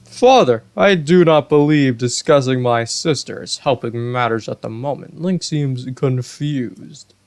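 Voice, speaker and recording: A man's voice: mid-range voice, unhurried, a little mellow, dry recording, lightly acted. A man voicing an earnest, polite young male fish-folk prince in a video game.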